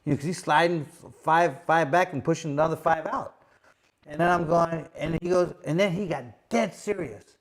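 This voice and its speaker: A man's voice: on the high side, moderate pace. A middle-aged man, a former boxer hosting a live show, telling a long story casually with lots of fillers and acted-out quotes. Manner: animated, acts out quoted voices, many fillers. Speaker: host, former boxing champion.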